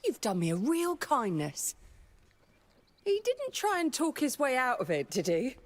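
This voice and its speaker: A high-voiced fantasy innkeeper. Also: female voice, wildly swooping pitch, measured pace, full character voice. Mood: relieved. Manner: warm, welcoming innkeeper speech. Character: grateful female innkeeper in a fantasy game.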